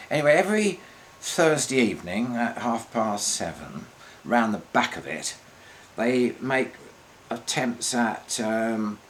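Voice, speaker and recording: An older man telling a rambling one-man comedy monologue on stage, halting and restarting often. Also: mid-range voice, sing-song, slight background noise. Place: theatre stage.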